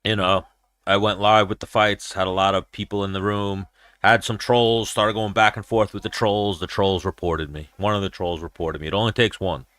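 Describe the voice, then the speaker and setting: This show host is a young man on a casual livestream, speaking at normal speed in a fairly low, level voice with a touch of brightness. The recording is dry. He swears, wanders between stories, and sometimes does impressions.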